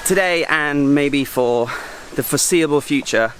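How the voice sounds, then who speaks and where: A man filming a casual travel vlog outdoors, chatty and excitable, making joking asides to the camera while walking through a jungle park. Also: fairly high pitch, a little slow, background noise. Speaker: travel vlogger.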